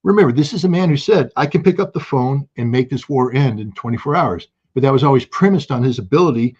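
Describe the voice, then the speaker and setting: A man giving heated political commentary as a guest, forceful and indignant, often restarting his sentences. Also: mid-range voice, animated, fast talker, husky, lo-fi sound.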